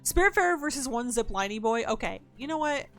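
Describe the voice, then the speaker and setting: A woman's voice: fairly high pitch, expressive, fairly quick. A woman on a headset mic streaming a game, greeting and thanking her chat between profane, exasperated outbursts. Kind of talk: casual live-stream gaming chat.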